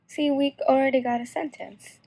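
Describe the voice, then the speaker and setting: A teenage girl explaining signs in a casual, halting tutorial. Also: high-pitched, fairly even intonation, vocal fry, mellow. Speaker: sign language instructor.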